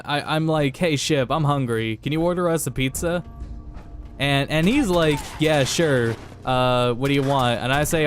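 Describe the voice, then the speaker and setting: Rambling young man telling a story. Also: fairly high pitch. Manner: rambling, many fillers and restarts. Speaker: podcast host playing a game. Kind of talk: casual storytelling while gaming.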